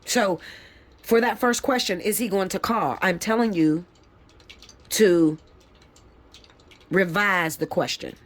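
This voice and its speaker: A woman's voice: slow pace, long pauses. Blunt, profane woman tarot reader. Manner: emphatic, swoops up high when fired up. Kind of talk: live tarot reading.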